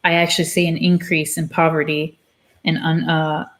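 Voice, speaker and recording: A woman's voice: low voice, little pitch movement, moderate pace. A woman hosting her own channel, reading a book aloud and breaking off into blunt, opinionated commentary. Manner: opinionated, blunt asides between read passages. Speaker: channel host.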